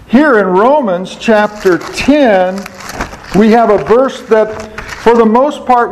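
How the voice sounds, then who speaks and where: A man's voice: high voice, slight background noise, poor audio. A man giving a sermon as a Bible teacher, asking his listeners questions, answering them himself and repeating key words for emphasis.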